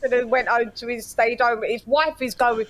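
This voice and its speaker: A man's voice: very high-pitched, fairly even intonation, normal speed, fairly bright tone. A man with an English accent in a casual boxing chat, agreeable and talkative. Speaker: boxing show co-host.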